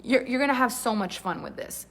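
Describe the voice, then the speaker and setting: An enthusiastic woman coach talks her class through voice exercises in a loose, chatty ramble. Her voice sits a little high for a woman. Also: animated, a little fast, gravelly, a bit bright. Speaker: voice acting coach. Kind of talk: live online class.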